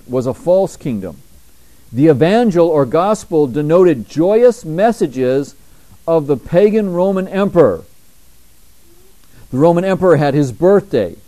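A male pastor delivers a sermon in church with a warm, mellow tone. He reads scripture slowly and forcefully, climbing in pitch on key words. Between verses he drops into quieter, conversational asides. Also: low-quality recording.

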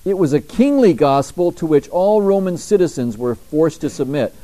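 A man preaching a sermon in church. He reads scripture slowly and emphatically, rising in pitch and volume, then drops quieter for conversational asides. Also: expressive, poor audio. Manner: conversational asides, dropping quieter between readings. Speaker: pastor.

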